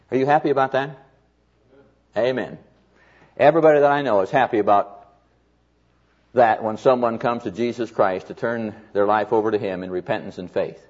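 A man preaching a sermon to a live audience, telling stories in a folksy way and slowing down to stress key phrases. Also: mid-range voice. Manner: folksy storytelling with emphatic slowed phrases. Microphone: mic on stand or lapel. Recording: dull lo-fi recording.

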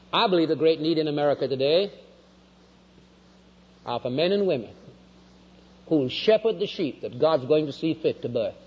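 A man with a high voice preaches with fervor, lifting his lines into loud peaks and then sinking them low. He was recorded on dull, lo-fi old tape. A long reverb trails his words across the hall. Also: animated, normal speed, long pauses, breathy edge. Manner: impassioned preaching, swinging from loud highs to low quiet lines. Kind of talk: sermon.

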